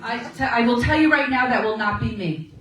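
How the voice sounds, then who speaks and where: A chatty woman in her sixties speaks to a meeting, her voice a little high for a woman, laughing easily between stories. She sounds far from the mic in a very echoey room. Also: fairly quick, fairly bright tone, a little hiss or hum. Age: 60s. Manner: chatty storyteller, laughs often, asks "okay?". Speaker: guest speaker at a women's meeting. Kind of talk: casual encouraging talk.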